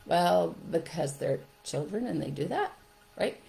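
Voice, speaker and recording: Middle-aged woman host, parenting coach, lively delivery, slightly low voice, acts out example phrases. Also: a little slow, vocal fry, rough recording. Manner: animated, acts out scolding and soothing phrases. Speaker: childcare trainer and podcast host. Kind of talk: casual teaching talk to parents.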